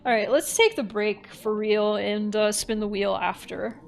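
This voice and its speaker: A woman's voice: mid-range voice, takes it slowly, gravelly, faint music behind. A woman streamer giving candid, casual commentary on a horror game, thinking aloud and swearing freely.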